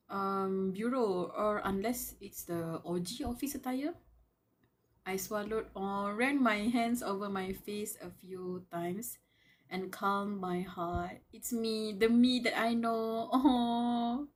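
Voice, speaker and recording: Speaking slowly in a medium-pitched voice, this woman does a live read of a web novel full of excited commentary. She breaks off to squeal, laugh, and gush over the characters, wondering aloud and addressing them directly.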